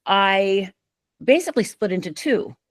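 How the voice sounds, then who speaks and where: A woman's voice: medium pitch, animated, measured pace, no echo. A middle-aged woman from Upper Michigan, a podcast guest telling her story emphatically and acting out the voices in it. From Upper Michigan, USA. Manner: vivid, emphatic storyteller who acts out quoted lines. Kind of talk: storytelling in an interview.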